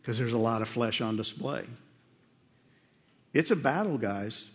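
A man's voice: mid-range voice, animated, measured pace. A male pastor preaching a conversational sermon in a church, asking the congregation questions as he goes. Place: church sanctuary. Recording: dull sound with long hall reverb.

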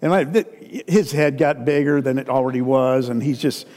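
Animated middle-aged preacher in a reverberant hall. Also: male voice, mid-range voice, moderate pace. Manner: animated storyteller, acts out quoted voices. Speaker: pastor. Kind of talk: sermon with storytelling.

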